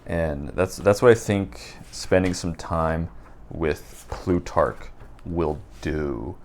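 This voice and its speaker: A man talking off the top of his head in an unedited video, rambling and halting with many restarts. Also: sits low, slight background noise. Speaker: book vlogger. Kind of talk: unscripted casual talk to camera. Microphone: raw unedited recording.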